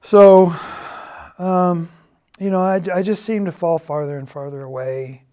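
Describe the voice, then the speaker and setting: A middle-aged man giving a halting, earnest confessional testimony, often dropping to a quiet, subdued tone. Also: high voice, steady tone, clear, resonant tone. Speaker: church member giving a personal testimony.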